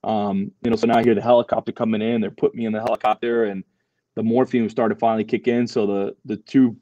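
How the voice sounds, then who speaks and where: A man's voice: lowish voice, flat delivery, fast, mellow, dry recording, muffled recording. A young man, a Marine veteran, telling his story as a podcast guest, loose and full of fillers and swearing. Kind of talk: casual storytelling interview.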